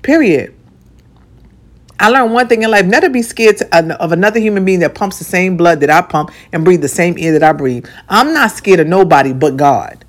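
A woman in her forties, a radio personality, giving a blunt, profane personal monologue that mixes soft lines with punchy, repeated emphasis. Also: lowish voice, expressive, moderate pace. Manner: swings between soft and punchy delivery.

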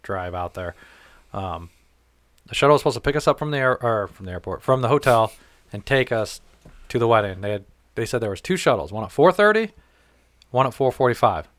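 A man's voice: mid-range voice, very animated, brisk, long pauses, a bit bright, no room sound. A man in casual conversation, telling a long story in a rambling, self-correcting way and swearing freely.

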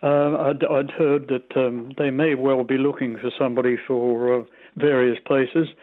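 A retired radio presenter in his eighties, with a mild Australian accent, reminisces in an interview, rambling and halting with many fillers. His mid-range voice keeps a level tone, and the audio is narrow and tinny.

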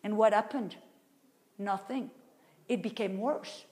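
A woman preacher with a mid-range voice delivers a sermon slowly, posing rhetorical questions to the audience. Her volume swings between loud and very soft.

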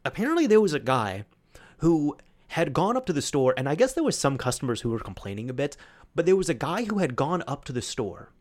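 A man's voice: a little high, very animated, fairly quick. A young man hosting a solo podcast, telling rambling stories in a chatty way, full of fillers. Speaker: podcast host. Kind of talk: solo casual storytelling.

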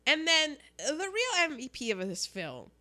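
A woman co-hosting a casual chat about a film, animated and jokey, acting out quotes as she talks. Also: high voice, moderate pace. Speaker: podcast co-host.

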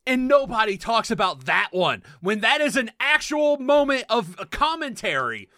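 A man co-hosting a casual podcast chat, animated and swearing as he argues his points. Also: extremely high pitch, moderate pace, no room sound, studio quality. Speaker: podcast co-host.

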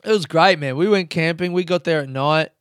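Laid-back swearing comedian. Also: male voice, a little high, a little fast, a bit bright, clear, resonant tone, dry recording, clean studio sound. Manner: swearing, laughing, rambling anecdotes. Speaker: comedian podcast host. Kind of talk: casual storytelling podcast.

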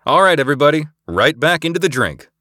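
A man voicing an upbeat, eager pilot calling out checks in a brisk manner, for an audiobook. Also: fairly low pitch, big pitch swings, sharp tone, no room sound, clean studio sound, exaggerated voice. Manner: brisk, whooping. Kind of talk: scripted audiobook acting.

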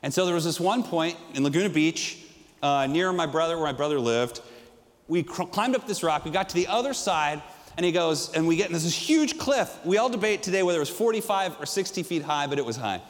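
A middle-aged male pastor preaching a sermon, telling stories with energy and swinging from loud to hushed. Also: a little high, animated, a little fast, long reverb tail.

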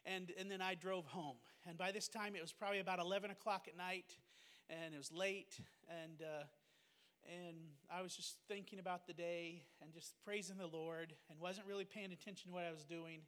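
A man with a high-pitched voice recounts a personal testimony as a pastor and missionary. He speaks earnestly, fervently and with plain emotion. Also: fairly even intonation, moderate pace, fairly bright tone, smooth, in a large hall. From United States.

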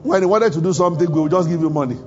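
High-voiced African pastor preaching. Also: male voice, very fast, muffled recording, faint music behind. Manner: humorous, chuckling often, acts out quoted dialogue. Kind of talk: sermon. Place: church service.

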